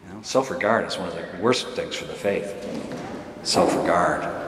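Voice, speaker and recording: A man's voice: sits low, moderate pace, background noise. Man preaching in an echoey hall. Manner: conversational storytelling with laughs. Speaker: priest. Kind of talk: sermon.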